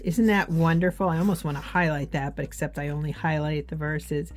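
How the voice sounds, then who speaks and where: A woman's voice: low-pitched, fairly even intonation, fairly quick, few pauses, faint music behind. A middle-aged woman talking earnestly and encouragingly in a devotional vlog, sometimes reading scripture aloud. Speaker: faith journaling vlogger. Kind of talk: heartfelt devotional chat.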